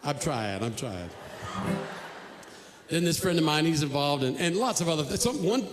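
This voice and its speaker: A man's voice: a little high, lively intonation, moderate pace. A male singer-songwriter on a live stage, telling rambling jokes between songs. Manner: rambling, joking storyteller. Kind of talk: comic concert patter between songs. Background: acoustic guitar.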